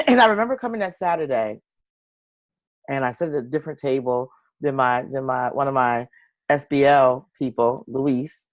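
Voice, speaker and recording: A woman hosts a casual interview, encouraging and chatty, with frequent small affirmations. Her voice is extremely low for a woman. The sound is dry and close. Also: moderate pace, dry recording.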